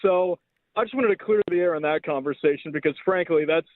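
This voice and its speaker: A man's voice: fairly high pitch, a little fast, dry recording. Man calling in on a tinny phone line. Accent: American. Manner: jokey, mock-indignant. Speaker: show regular calling in. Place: car.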